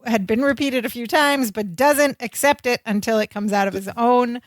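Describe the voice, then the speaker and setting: A woman co-hosting a podcast, recapping a sitcom episode in casual chat with animated storytelling and frequent laughs. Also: a little high, moderate pace, a little hiss or hum. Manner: animated storytelling, acts out the characters' lines; laughs often while talking. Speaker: podcast co-host.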